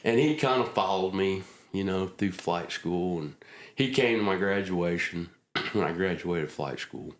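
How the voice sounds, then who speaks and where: A man's voice: low-pitched, unhurried. A middle-aged man, a retired army helicopter pilot, telling stories in a casual, folksy interview. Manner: folksy anecdotal storyteller, acts out quotes. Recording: roomy echo.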